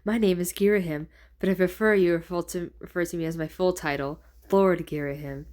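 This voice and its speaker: List: woman reading male demon lord, flamboyant, menacing, mocking drawl, lowish voice. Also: fairly even intonation, a little fast, a little mellow, natural voice.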